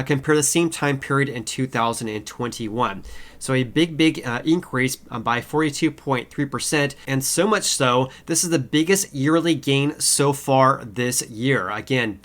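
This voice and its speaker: A man's voice: mid-range voice, a bit bright. Nasal-voiced man with a cold. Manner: frequent uh fillers, repeats key figures. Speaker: housing market video host. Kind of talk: casual explainer talk to camera.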